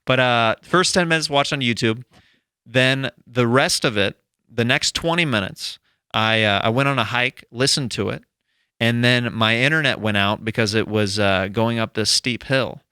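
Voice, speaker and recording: A man's voice: medium pitch, normal speed, bright, forceful tone, clear, resonant tone, no echo, studio quality. A man hosting a casual comedy podcast, talking in an enthusiastic, rambling way with many restarts. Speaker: podcast host. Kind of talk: casual chat.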